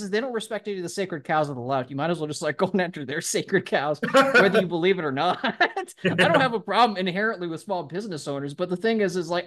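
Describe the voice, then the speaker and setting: A man with a fairly high voice rambles through a casual podcast discussion, laughing often and stringing thoughts together with "like." He sounds loose and conversational. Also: fairly bright tone.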